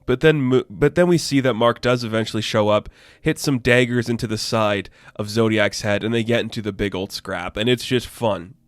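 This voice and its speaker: Excited man reviewing comics casually. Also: lowish voice, brisk, smooth, dry recording. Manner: excited and casual, swears freely.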